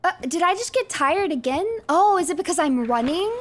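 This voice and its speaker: A woman's voice: very high-pitched, expressive, fairly quick, a little hiss or hum. A young woman streaming a game, chatting casually and exclaiming in flustered bursts.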